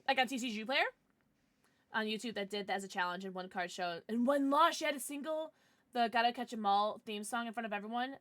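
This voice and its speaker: A woman streamer chatting casually on a livestream, bubbly and excitable, swearing now and then. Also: on the high side, no echo.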